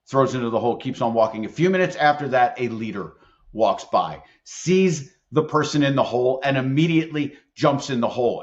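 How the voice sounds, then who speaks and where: In a conversational podcast interview, a middle-aged guest who works as an employment attorney and leadership expert recounts stories earnestly and with emphasis. His voice sits in the mid-range, and the recording lacks its highs.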